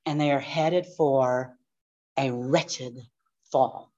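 A woman pastor, teaching a live class in a fast, animated storytelling way with quick asides. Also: very deep voice. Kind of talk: live-recorded church class. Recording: dull lo-fi live recording.

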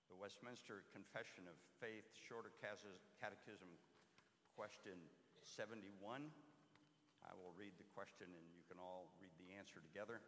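A man praying aloud, then leading the children's time in a church, gentle and playful. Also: deep voice, normal speed, noisy background. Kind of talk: prayer and children's lesson in church. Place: church sanctuary. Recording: echoey church hall with long reverb.

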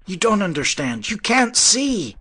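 A man's voice: high-pitched, very animated, unhurried, slightly rough, voice pushed up, heavily acted. A man putting on a frantic young scientist. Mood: anguished shouting. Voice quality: shouting, strained. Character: young male scientist, anguished and desperate.

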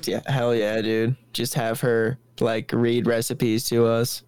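A man in casual podcast banter, rambling and swearing freely with plenty of fillers. His pitch sits in a middle range and the recording is dry and close, with no room echo. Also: flat delivery, slow, a little mellow, smooth. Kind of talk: casual chat.

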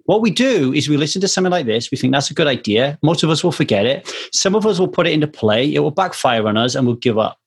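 A man chats on a podcast with a slightly husky voice, telling stories with lively quoted lines. He talks casually, as if to a friend. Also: on the high side, fast talker, few pauses. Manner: animated storyteller, acts out quoted voices. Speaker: podcast co-host.

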